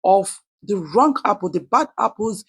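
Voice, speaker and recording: A channel host giving measured reaction commentary, often checking in with tag questions. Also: medium pitch, animated, breathy edge, dry recording.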